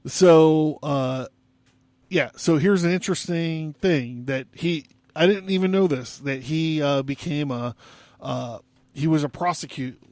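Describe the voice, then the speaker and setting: A man's voice: fairly high pitch, a little slow, darkish tone, no room sound. A young man hosting a casual history podcast, rambling loosely with lots of fillers and asides. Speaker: podcast host.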